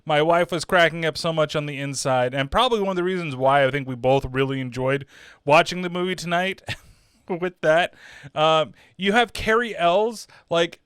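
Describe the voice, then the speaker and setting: A man hosting a horror podcast, giving a casual film review, animated, laughing often and swearing casually. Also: on the high side, moderate pace, smooth, dry recording, studio quality.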